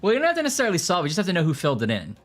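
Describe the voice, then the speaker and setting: Lively-voiced man musing through a puzzle. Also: high voice, racing, soft background music. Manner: musing aloud, stammering fillers. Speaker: game streamer. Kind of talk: casual co-op game chat.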